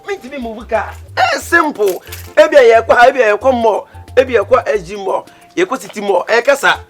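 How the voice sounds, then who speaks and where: A man playing a loud boastful driver. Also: very high voice, brisk, faint music behind. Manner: loud animated banter mixing Twi and English. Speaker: driver character in a comedy skit. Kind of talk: comic skit banter.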